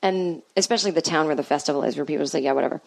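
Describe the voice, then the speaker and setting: Brief: woman comedian in her 40s, rambling and self-deprecating, with a lowish voice. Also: rapid-fire, gravelly. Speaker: podcast host, comedian. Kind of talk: casual comedic monologue.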